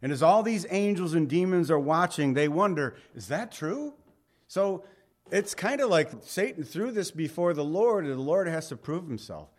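A man's voice: on the high side, lively intonation, moderate pace, a little mellow. A man preaching a sermon in a conversational way, reading scripture aloud and slipping in folksy asides and jokes. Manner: reads scripture aloud in King James wording. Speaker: pastor.

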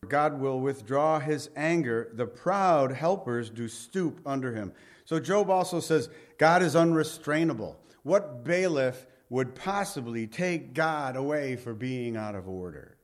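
Male Bible teacher, mid-range voice, lively conversational sermon delivery with quiet, low closing lines. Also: a little slow. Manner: animated, reads scripture aloud then paraphrases it conversationally.

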